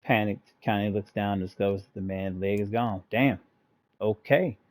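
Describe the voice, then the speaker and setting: A man's voice: fairly low pitch, flat delivery, a little fast, darkish tone. A man hosting a gaming channel, reading the story text aloud and breaking in with casual jokes. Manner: reads aloud, breaks off to joke and laugh.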